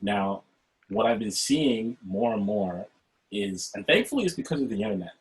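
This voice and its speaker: A man with a fairly low voice hosts a casual conversation over a video call. He talks in an animated, expressive way. He keeps checking in with his listener by asking "right?". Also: normal speed, low-quality recording. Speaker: host. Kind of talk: casual chat.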